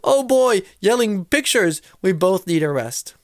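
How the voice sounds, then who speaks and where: A man's voice: high voice, lively intonation, measured pace, no echo. Brief: two dim crooks in a kids' storybook , voiced by a male reader, dry close sound. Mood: nervous. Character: two bumbling adult male art thieves.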